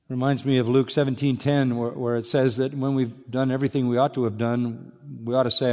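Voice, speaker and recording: A man's voice: medium pitch, steady tone, quick pace, hardly any pauses, a little mellow, long reverb tail. A man preaching an expository sermon, emphatic, rising on rhetorical questions and dropping to near-whispers.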